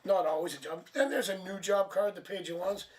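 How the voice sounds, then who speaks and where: A man hosting a live tarot stream, chatting casually and sounding tired and low on energy. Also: expressive, a little fast. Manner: chatty, laughs at himself, thinks aloud. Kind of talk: casual live-stream chat and card reading. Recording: distant mic, faint background noise.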